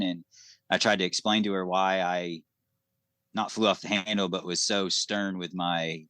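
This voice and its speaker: A man's voice: sits low, little pitch movement, normal speed, fairly bright tone, clean tone, no room sound. A man co-hosting a podcast as a father, telling an anecdote in a loose, casual way with fillers.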